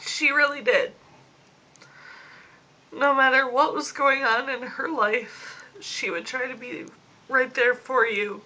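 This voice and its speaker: A grieving young woman in her late twenties records a personal video diary on her phone. She talks slowly and haltingly, holding back tears. Her voice is fairly high and bright. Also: steady tone, rough recording. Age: 20s. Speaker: vlogger. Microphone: phone camera.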